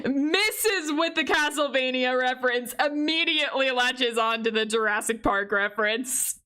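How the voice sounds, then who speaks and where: A woman's voice: high voice, moderate pace, bright, forceful tone, smooth. A woman streamer reading a visual novel aloud and chatting with her viewers, chatty and giggly. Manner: chatty, giggly, talks to chat.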